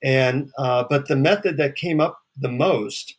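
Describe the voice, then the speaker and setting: A man, a psychotherapist and author, telling a relaxed, wry anecdote as a guest in a casual interview. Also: medium pitch, unhurried, husky.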